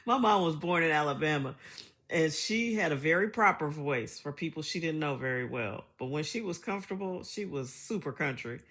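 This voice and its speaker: A woman's voice: low-pitched, animated, moderate pace, a bit bright. A middle-aged woman talking in a casual vlog monologue, chatty and reflective, laughing often as she tells stories. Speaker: vlogger.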